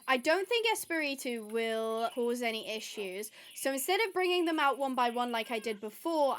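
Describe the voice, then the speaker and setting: High-voiced excitable woman gaming host. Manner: excitable and chatty, gasping with delight. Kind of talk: casual gameplay commentary.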